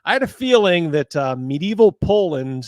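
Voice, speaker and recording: A man hosting a casual livestream chat, playful and quick to laugh. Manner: playful, laughs easily, lively pitch. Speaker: show host.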